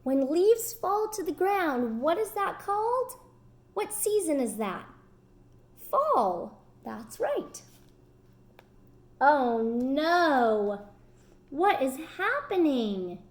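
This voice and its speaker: High, animated woman reading to kids. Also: extremely slow, long pauses. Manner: animated, asks the children questions. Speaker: storyteller reading to children. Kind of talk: picture book read-aloud for children.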